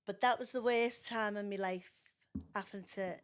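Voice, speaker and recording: A woman's voice: mid-range voice, moderate pace. An older woman, chatting as a podcast guest and telling family stories, acting out the voices of the people in them. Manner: animated storyteller acting out quotes in raised voices. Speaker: podcast guest, mother of the host. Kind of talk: casual storytelling chat.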